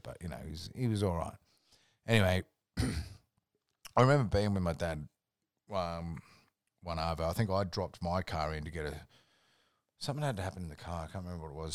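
Deep-voiced Australian man telling a crude yarn. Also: no room sound, clean studio sound. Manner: profane, rambling, animated anecdotes. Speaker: podcast guest. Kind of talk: casual storytelling.

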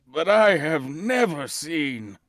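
A man voicing a rambling, crotchety eighty-nine-year-old grandpa with a creaky, slow drawl. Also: a little high, big pitch swings, fairly bright tone, no room sound, clean studio sound, exaggerated voice. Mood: grumbling. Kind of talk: playing a party card game.

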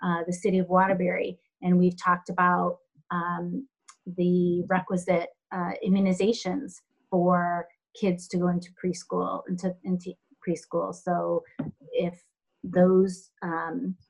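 A woman who runs a health center, answering interview questions in a thoughtful, halting way with many fillers. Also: fairly low pitch, completely flat delivery, gravelly, rough recording.

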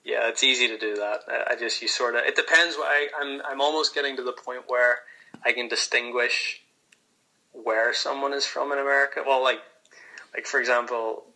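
A young man with a Northern Irish accent, chatting casually as a podcast guest, relaxed with many restarts. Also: mid-range voice, gravelly, rough recording. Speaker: pro golfer guest.

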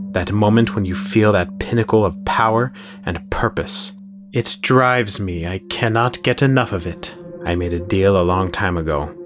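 A man voicing a possessed, murderous man bound to a demon, speaking with slow, gloating menace. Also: on the low side, natural voice. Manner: slow, gloating menace with raised, strained outbursts.

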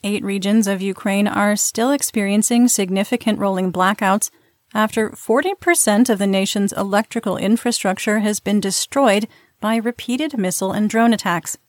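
A woman's voice: mid-range voice, moderate pace, no room sound. A woman hosting a scripted news update, reading reports with dry, sardonic asides. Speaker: news host.

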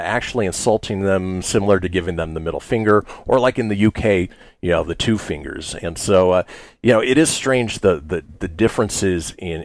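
A man from the United States hosting a radio talk show, chatting casually with lots of fillers in an animated way. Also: sits low, no echo.

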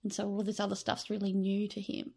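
A woman from Australia with a mid-range voice, trading views on a podcast. She is chatty and opinionated, and she pauses on fillers as she thinks. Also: medium pitch, monotone, vocal fry, dark tone, breathy edge. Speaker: podcast co-host. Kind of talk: casual podcast discussion.

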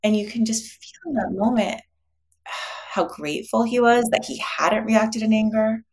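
A woman's voice: a little high, fairly even intonation, measured pace. A woman psychologist as an interview guest, speaking reflectively and telling a story. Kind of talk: interview conversation.

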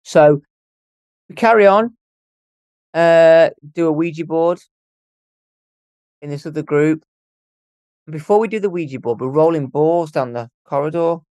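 A young man tells his story in a lively, animated way, swearing freely and acting out the voices of the people he met. His voice sits a little on the high side for a man, and it comes across close and dry, with no room sound. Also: unhurried, pauses often, smooth, no echo. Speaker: podcast guest. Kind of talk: casual storytelling.

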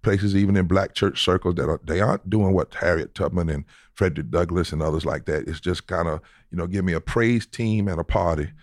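A man's voice: low voice, fairly quick, few pauses, darkish tone, dry recording, clean studio sound. A man answering interview questions as a preacher, citing scripture with emphatic repetitions. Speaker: guest preacher.

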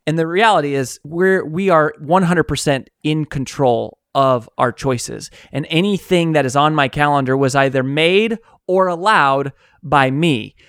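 A man, an author who runs a coaching company, telling stories in a conversational interview, animated and acting out quotes. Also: on the high side, measured pace, hardly any pauses, smooth, dry recording, studio quality. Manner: animated storyteller, acts out quotes.

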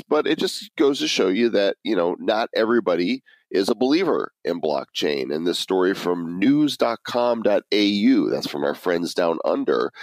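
A man with a very low, deep voice co-hosts a podcast and chats in a relaxed, conversational way, now and then dropping a dry aside. The sound is close and dry, with little room around it. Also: no echo. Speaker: podcast co-host. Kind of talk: casual podcast chat.

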